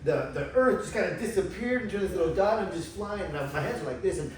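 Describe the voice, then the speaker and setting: Animated man telling his story in an echoey room. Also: sits high, quick pace. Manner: animated, emotional, acts out quoted voices. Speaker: guest telling his spiritual experiences. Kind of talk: casual storytelling conversation. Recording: echoey room, far from mic, faint noise.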